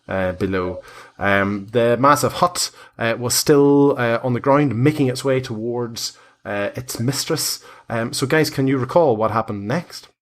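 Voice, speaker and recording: A man running a tabletop game, recapping casually with lots of hesitant fillers. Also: medium pitch. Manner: hesitant, many fillers, friendly. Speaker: game master.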